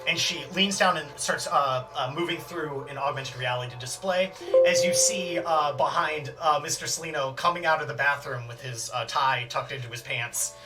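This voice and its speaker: A man's voice: fairly high pitch, normal speed, distant mic, music in the background. A man running a tabletop game as game master, narrating in a rambling way with many fillers.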